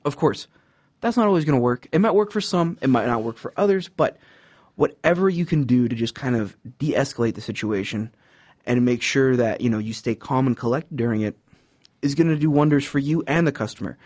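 A man's voice: medium pitch, lively intonation, a little fast, darkish tone, dry recording. Rambling young man, lots of fillers. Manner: rambling, filler-heavy, acts out customer quotes. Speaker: podcast host giving job advice. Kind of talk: casual monologue.

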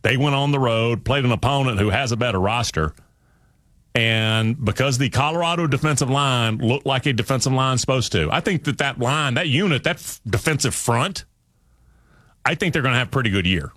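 A man's voice: medium pitch, expressive, normal speed, a bit bright, no room sound. A man hosting sports talk radio, breaking down a game in a conversational, emphatic way. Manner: conversational, emphatic, talks through restarts.

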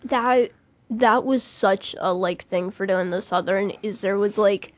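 A woman's voice: mid-range voice, measured pace. A woman chatting casually about playing a witness in a mock trial, with lots of laughs and restarts. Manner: chatty, laughing, self-interrupting. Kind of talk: casual chat.

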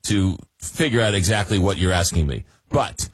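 Male call-in radio host, low and husky, rambling delivery, dry close mic. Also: expressive, normal speed, no echo. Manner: rambling, many fillers and restarts. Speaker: radio talk show host.

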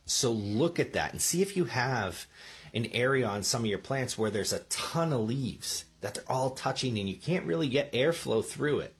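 A man's voice: medium pitch, animated, normal speed, husky. A man giving casual gardening advice into a microphone, chatty and often checking in with the listener with "okay?" and "right?". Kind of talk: casual instructional talk. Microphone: speaking into a microphone.

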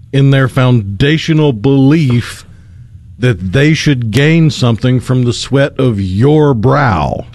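A man's voice: medium pitch, lively intonation, takes it slowly, darkish tone, no echo. A male radio co-host on a studio microphone, giving assertive, opinionated commentary.

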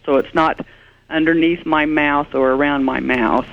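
A woman's voice: low-pitched, fairly even intonation, measured pace, creaky. Woman on a tinny phone line. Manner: earnest, explanatory. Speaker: paranormal investigator, radio guest. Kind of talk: radio interview.

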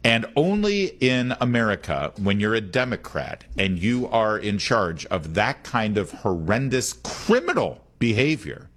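A man hosting a talk radio show, giving opinions in a conversational way and repeating the call-in number. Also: on the low side.

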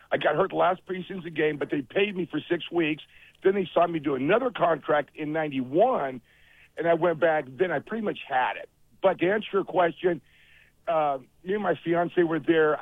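A man in his fifties, a former football player and guest on the show, telling animated stories and acting out the quotes over a phone line. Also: fairly high pitch, dry recording. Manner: animated storyteller, acts out quotes. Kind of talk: casual phone interview storytelling.

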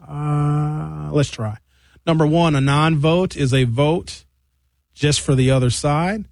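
A man in his fifties hosting and reading viewer comments in an exasperated, animated comic rant. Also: a little high, slow, vocal fry, no echo, clean studio sound. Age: 50s. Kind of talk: comedic rant.

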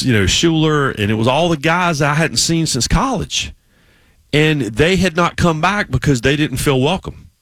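A middle-aged man hosting a sports radio show, drifting through a long anecdote and circling back on himself. His voice sits at an ordinary pitch, recorded close and completely dry in a studio. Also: a bit bright, dry recording. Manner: rambling storyteller, many restarts. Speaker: radio sports talk host. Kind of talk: casual sports radio chat.

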